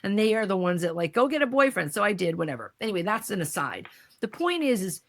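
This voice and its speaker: A middle-aged American woman talks quickly at a medium pitch as a guest on a podcast interview. She speaks candidly and with emotion, growing animated whenever she quotes other people.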